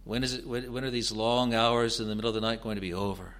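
A man preaching an expository sermon in a deliberate, earnest way, building to emphatic rises. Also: medium pitch, level tone, fairly bright tone.

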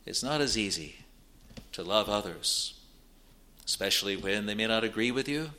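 A man preaching a sermon in a measured, deliberate way, reading out old-style scripture verses and explaining them. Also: lowish voice, animated, pushed and bright.

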